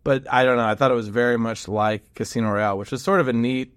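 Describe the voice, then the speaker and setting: A chatty man co-hosting a podcast in casual conversation. His voice sits in a middle pitch, and he laughs easily as he explains. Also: fairly even intonation, quick pace, no echo, clean studio sound. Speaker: podcast co-host. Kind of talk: casual chat.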